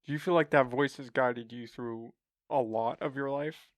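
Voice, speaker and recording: A man's voice: medium pitch, moderate pace, dry recording. A man hosting a casual interview podcast, asking questions and reacting briefly. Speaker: podcast host.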